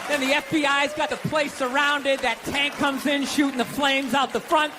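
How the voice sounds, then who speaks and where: Man, stand-up comedian, sarcastic rant, heavy swearing, high voice, roaring audience laughter, noisy live room. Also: normal speed. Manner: profane, sarcastic ranting; animated, punchy delivery. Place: large stage before a live audience. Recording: live show, loud crowd laughter.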